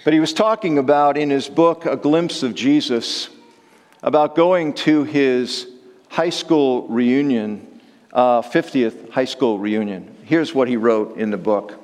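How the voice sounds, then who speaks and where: A man's voice: slow pace, darkish tone, in a large hall. A man, a pastor, preaching a sermon and reading long quotations aloud. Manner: reads long quotations aloud, rising high for voiced prayers.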